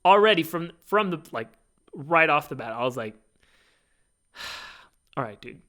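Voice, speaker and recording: Man, podcast host, casual monologue, lots of fillers, animated, slightly high-pitched. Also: unhurried. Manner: animated, rambling with many fillers.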